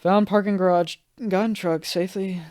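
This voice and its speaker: A man's voice: high-pitched, steady tone, normal speed, a little mellow. A young man hosting a solo podcast, telling a rambling, self-mocking story and acting out what people said in raised voices. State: high and anxious. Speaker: podcast host.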